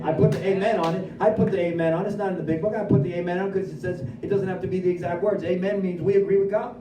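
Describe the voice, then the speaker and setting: A man giving a lively personal recovery testimony at a speaker meeting, acting out his own dialogue as he goes. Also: sits high, very fast, hardly any pauses, dull audio, a little hiss or hum. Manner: animated storyteller who acts out his own dialogue. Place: meeting room at a recovery center. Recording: echoey room, voice from far off.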